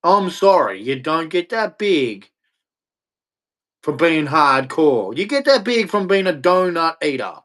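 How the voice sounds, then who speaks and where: A middle-aged man, his voice sitting a bit high, hosts an opinionated rant. He talks bluntly and mockingly, slipping into voices to act out the people he mocks. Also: very animated, measured pace, a bit bright. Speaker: host.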